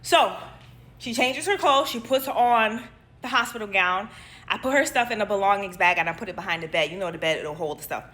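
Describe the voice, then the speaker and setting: A woman's voice: mid-range voice, brisk. A young adult woman, a nurse, casually telling a personal story to her followers, acting out what people said and laughing as she goes. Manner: animated, acts out quotes, laughs while telling.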